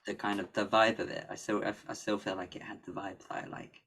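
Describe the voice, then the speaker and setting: A man who is a guest on a podcast, talking in relaxed, hesitant casual chat. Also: on the low side, fast, vocal fry, breathy edge. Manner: hesitant, relaxed, lots of fillers.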